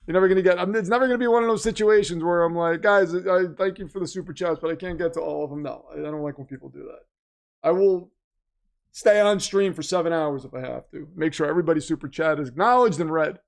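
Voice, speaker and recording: A man hosting a casual livestream and reading viewer messages, talkative, keyed up and nervous, swinging from loud to quiet. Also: fairly high pitch, fast, gravelly. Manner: excitable, talkative, jumps between loud and quiet. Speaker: livestream host reading super chats.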